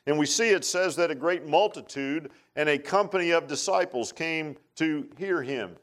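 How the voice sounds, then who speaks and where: A man's voice: a little high, moderate pace, fairly bright tone. A man preaching a folksy, rambling sermon as a pastor, with many fillers and restarts.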